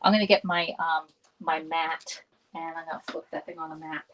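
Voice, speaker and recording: A woman's voice: sits low, flat delivery, moderate pace, muffled recording, heavy background noise. A woman in her fifties with a Southern US accent, chatting to viewers during a live home cooking stream and talking herself through each step. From Pennsylvania. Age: 50s. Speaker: cooking livestream host. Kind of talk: casual live cooking demo. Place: home kitchen.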